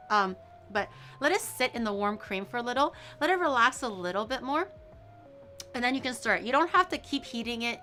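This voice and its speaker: Bright, teasing woman streamer. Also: a little high. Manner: playful, teasing, drags out words to mock pronunciations. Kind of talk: casual cooking stream chat.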